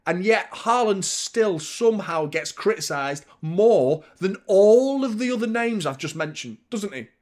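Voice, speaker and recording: A man hosting a live football watchalong, chatting opinions and commenting on play, swearing freely and getting loud at big moments. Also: high-pitched, animated, unhurried, few pauses. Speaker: host of a football fan channel.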